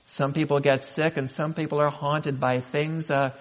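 A pastor preaching a sermon, telling stories earnestly with dramatic pauses and rising emphasis. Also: male voice, fairly high pitch, little pitch movement, rough recording.

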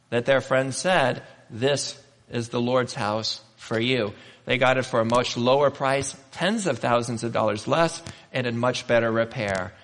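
A man's voice: mid-range voice, fairly bright tone, long reverb tail. A male pastor preaching a sermon, telling stories in a conversational way and asking the congregation rhetorical questions.

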